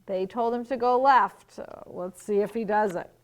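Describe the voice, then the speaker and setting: A woman teacher reading a picture book to young children at home, gently asking questions and explaining words. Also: mid-range voice, moderate pace.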